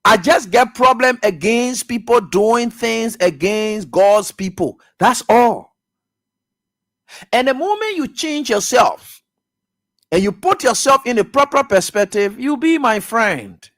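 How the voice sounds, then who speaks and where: A man rails on air as a radio talk show host. His political commentary is fiery, jumping from near-shouting to quiet grumbles. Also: sing-song, slow. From Liberia. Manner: fiery, swinging from loud outbursts to low muttering. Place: radio studio.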